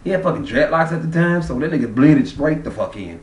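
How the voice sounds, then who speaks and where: A man's voice: on the high side, expressive, fairly quick, darkish tone, far from the mic. A man vlogger telling a travel story in a casual, profane, rambling way. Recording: roomy sound, off-mic.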